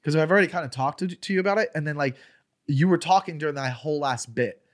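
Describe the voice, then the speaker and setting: A man's voice: a little high, fast. A young adult man, a stand-up comedian, telling a story in casual chat with lots of swearing, acting out the quotes in a raised voice. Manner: profane, animated, acts out quotes in raised voice. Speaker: stand-up comedian, podcast guest.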